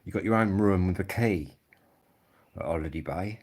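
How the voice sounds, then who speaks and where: A man's voice: low-pitched, moderate pace, darkish tone. A man hosts a casual live stream and chats straight to his viewers. He rambles from one story to the next, swearing freely in a blokey, matter-of-fact way.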